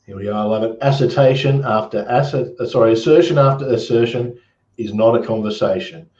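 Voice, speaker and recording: A man's voice: medium pitch, fairly quick, a little mellow. An Australian man hosting a casual chat, reading comments aloud in a rambling, good-humored way. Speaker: host. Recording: roomy, dull lo-fi sound.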